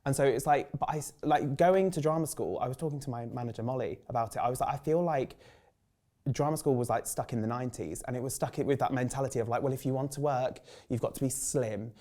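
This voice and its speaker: A man in his thirties from England with a Birmingham accent, a drag performer telling lively stories in an interview, acting out other people's voices and filling his talk with "like". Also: medium pitch, quick pace. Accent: Birmingham English. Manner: animated, acts out quoted voices, many "like" fillers. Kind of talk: casual storytelling interview.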